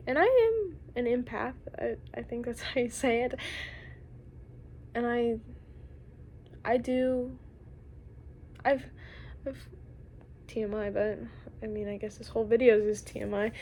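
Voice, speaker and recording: A young woman rambles through a confessional vlog, losing her thread and drifting down into whispers. Her voice sits a little high. A faint noise hums behind her. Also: darkish tone. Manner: rambling, trailing off, drops to whispers. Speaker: vlogger.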